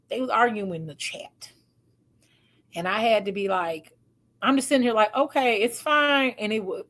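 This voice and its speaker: A woman hosting a relationship advice talk, telling stories casually and acting out what people said, often laughing. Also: a little high. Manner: animated, acts out quoted voices, laughs often. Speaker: host giving relationship advice.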